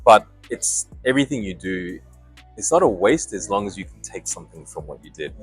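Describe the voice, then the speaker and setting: A man, a company chief, talking in a relaxed, thoughtful way as a guest in an interview. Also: low-pitched, breathy edge, faint music behind. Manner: thoughtful, reflective, with pauses and restarts. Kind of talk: casual interview chat.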